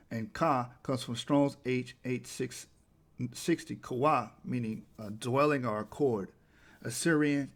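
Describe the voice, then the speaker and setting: A man presenting a lecture over slides, reading quotes aloud and restarting words as he goes, his delivery rising to forceful emphatic peaks. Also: medium pitch.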